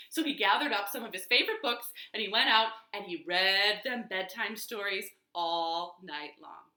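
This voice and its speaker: A woman librarian reading a children's storytime at home, slow, sing-song and expressive. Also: mid-range voice. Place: home living room. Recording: roomy living room.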